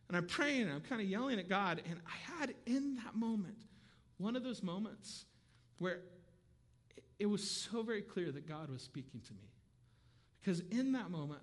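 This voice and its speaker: A male pastor preaching a sermon, telling a story in a conversational way with asides, moving from quiet moments to near-shouting. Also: high voice, expressive, moderate pace.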